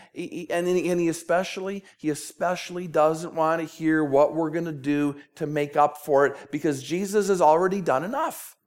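A man's voice: a little high, steady tone, normal speed, few pauses, a little mellow. A man with a Minnesota accent preaching a sermon, earnest and pleading, often repeating words as he presses his point. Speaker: pastor.

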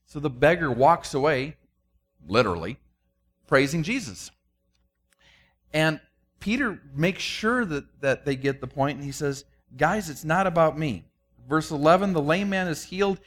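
A man's voice: a little high, a bit bright. A man preaching a conversational sermon, retelling stories with frequent restarts and acted-out quotes. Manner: conversational, self-deprecating, many restarts, acts out quotes. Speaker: pastor.

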